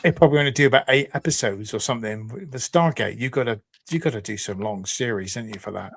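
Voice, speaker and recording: A man's voice: mid-range voice, fast talker, vocal fry. A man from the UK co-hosting a casual livestream chat, rambling and trailing off. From United Kingdom. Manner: rambling, trails off, lots of fillers. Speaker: co-host of a toy collectors livestream.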